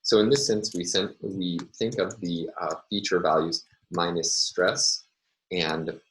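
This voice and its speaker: A middle-aged man giving a recorded university lecture, explaining step by step in a measured way with frequent ums and uhs. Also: deep voice, steady tone, fairly bright tone, low-quality recording.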